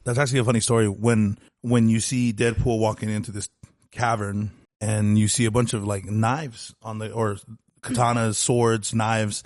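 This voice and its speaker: A man's voice: lowish voice, flat delivery, moderate pace, a little mellow, dry recording, studio quality. A man co-hosting a podcast, casually recounting movie scenes at length. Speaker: podcast co-host. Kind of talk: casual movie review chat.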